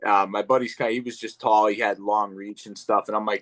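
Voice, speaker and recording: A man's voice: on the low side, steady tone, a little fast, few pauses, a bit bright. A young man, a pro fighter, talking casually as an interview guest in a laid-back, rambling way with lots of fillers. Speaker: professional MMA fighter, guest.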